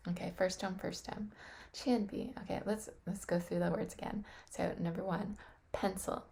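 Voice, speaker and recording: Brief: woman self-studying on webcam, low gravelly voice, slow careful delivery, faint room hiss. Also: fairly even intonation, dark tone. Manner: slow, careful, often dropping to a whisper. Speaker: language learner.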